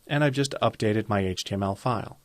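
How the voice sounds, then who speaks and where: A man with a fairly low voice talks through a coding tutorial in a calm, step-by-step way. The sound is dry and close, with keyboard typing now and then behind him. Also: a little fast, dry recording. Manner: calm, methodical, step-by-step explaining. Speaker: web design instructor. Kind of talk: screen-recorded coding tutorial.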